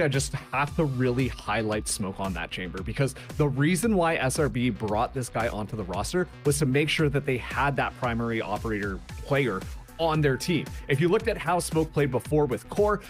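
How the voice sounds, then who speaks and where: A man giving desk analysis before an esports map, explaining player roles in a measured way. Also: medium pitch, animated, faint music behind.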